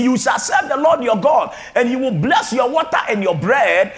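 A male pastor preaching a healing sermon, shouting fervent declarations over the congregation. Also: extremely high pitch, animated, normal speed, faint music behind.

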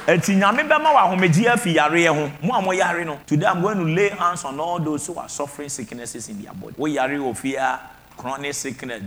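A male pastor preaching a healing sermon, shouting fervent declarations over the congregation. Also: mid-range voice, a little hiss or hum.

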